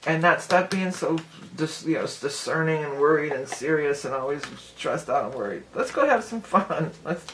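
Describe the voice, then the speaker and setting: A woman with a low, expressive voice gives a casual tarot reading at a moderate pace, addressing the viewer directly as "you." She chats and giggles between card readings, with slight noise in the background.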